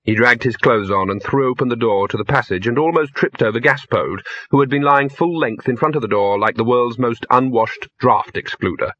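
A man reads a novel aloud at a measured pace, in a bright voice with a husky edge. The recording is dry and close but dull and lo-fi. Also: mid-range voice, dry recording. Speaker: audiobook narrator. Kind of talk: scripted narration.

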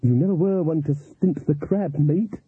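A jolly, bustling woman cook, voiced by a man, chatters eagerly in a raised, husky voice. The storybook reading sounds tinny and dry, like it came down a phone line. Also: a little high, moderate pace, no echo, voice pushed up. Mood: chatty.

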